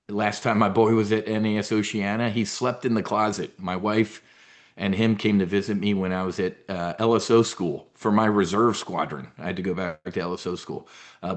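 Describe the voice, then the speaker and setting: A middle-aged man hosting a live trading webinar, brash and blunt, swearing now and then and using military slang. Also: lowish voice.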